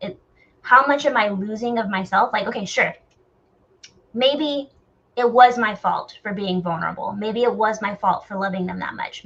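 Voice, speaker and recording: A woman in a candid group discussion, talking bluntly and animatedly and questioning herself out loud. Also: mid-range voice, slightly rough, muffled recording.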